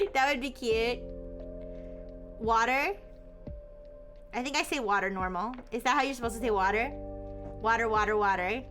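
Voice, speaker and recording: A young woman streamer talks loosely with her chat, reacting to messages and breaking into giggles. Her voice sits high and sounds bright and lively. Faint music plays underneath. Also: a little slow, pauses often. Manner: chatty, reads and answers chat, giggles often. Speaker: livestreamer. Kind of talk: casual livestream chat.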